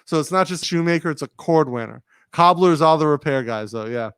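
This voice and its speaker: Fairly high-pitched and a bit bright, this man's smooth voice has lively intonation and a fairly quick pace, with no room sound. He's a Rhode Island livestream host with a slight New England accent, casually chatting from his home studio, reading viewer comments and rambling laid-back straight to his audience.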